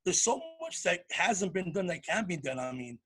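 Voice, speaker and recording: A male comedian guest telling animated stories in a casual interview and acting out the voices of people in his anecdotes. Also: high voice, normal speed.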